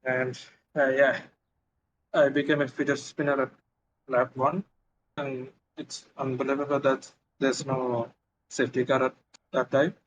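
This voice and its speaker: A man's voice: medium pitch, level tone, a little slow, pauses often. A man with an Indian accent answering interview questions over a voice call, modest and joking. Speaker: guest driver on call. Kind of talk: casual interview. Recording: dull voice-chat line with hiss.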